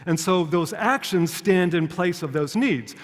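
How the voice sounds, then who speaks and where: Guy giving a talk, kinda high voice, measured and storytelling, big echoey hall. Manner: measured, rhetorical questions, storytelling. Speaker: public speaker. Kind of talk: prepared public talk.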